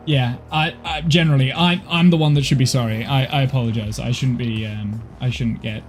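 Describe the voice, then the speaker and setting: Man, game streamer, tired, self-deprecating, casual rambling chat, mid-pitched voice. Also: fairly even intonation, normal speed, faint music behind. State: tired, overheated. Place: home office.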